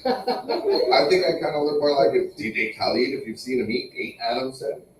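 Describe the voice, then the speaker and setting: A man's voice: medium pitch, normal speed, echoey room, recorded from a distance, a little hiss or hum, rough recording. A man doing a loose, crude stand-up set and riffing on the crowd. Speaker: stand-up comic. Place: small comedy venue.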